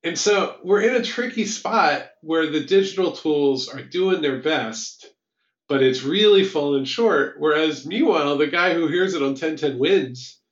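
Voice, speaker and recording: Talkative host in an echoey room. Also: male voice, fairly high pitch, a little slow, dull audio. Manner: animated storytelling, frequent "like" and restarts. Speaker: podcast host. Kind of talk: casual conversational chat.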